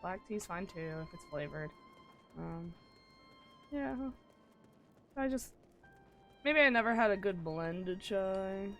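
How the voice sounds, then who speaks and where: A woman's voice: medium pitch, lively intonation, slow pace, long pauses, a bit bright, soft background music. An American woman chatting casually and joking at her own expense while live-streaming a game. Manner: chatty, rambling, self-deprecating jokes.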